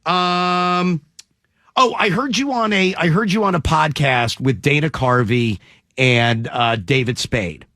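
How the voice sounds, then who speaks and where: A man's voice: fairly high pitch, slow, bright, forceful tone, dry recording, clean studio sound. A man hosting a morning radio show, eagerly asking a guest questions with frequent restarts. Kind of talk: casual radio interview.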